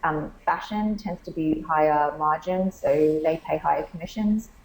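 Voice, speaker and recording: A woman with a low, steady voice talks business at a conference interview. She explains in a friendly way, pausing on ums and restarting her sentences. The sound is roomy and echoing. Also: gravelly, slight background noise. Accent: has an accent she remarks on. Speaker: startup founder, interview guest. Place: conference venue.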